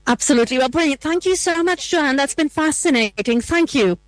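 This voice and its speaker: Fast high-voiced woman reporter. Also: expressive, dry recording. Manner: quick, upbeat questioning. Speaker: roving radio reporter. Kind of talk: live radio interview. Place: outdoor event.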